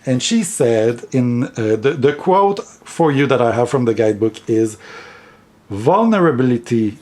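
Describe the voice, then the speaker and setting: A man with a non-native English accent talking to camera in a casual vlog about card decks, gentle and reflective, stopping often to find his words. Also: mid-range voice. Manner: halting, gentle and reflective, with soft laughs. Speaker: card deck vlogger.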